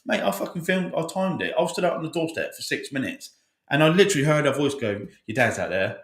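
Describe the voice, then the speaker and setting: A man's voice: a little high, big pitch swings, fast. A man, a father, co-hosting a podcast, talking emotionally with lots of swearing and restarts. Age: adult father. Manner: emotional, swears a lot, many restarts and fillers. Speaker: podcast co-host. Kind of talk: casual podcast chat. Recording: echoey room.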